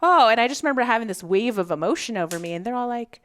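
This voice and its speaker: A woman guest on a podcast, telling a story in a casual, animated way and acting out what people said. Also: a little high, brisk, hardly any pauses. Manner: animated, acts out quoted dialogue. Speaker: hunting guest.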